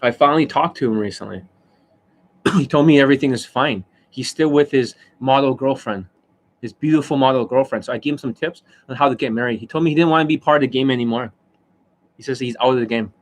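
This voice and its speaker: A middle-aged man talks at an ordinary pitch in a loose, unscripted live-stream rant. He boasts, swears freely and keeps cracking himself up with laughter mid-sentence. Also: quick pace. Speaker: dating coach.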